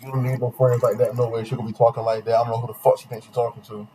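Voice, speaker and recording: A young man hosting a podcast, telling a long dating story in slangy, animated casual chat with quoted voices. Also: mid-range voice, rapid-fire, a little hiss or hum. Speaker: podcast host.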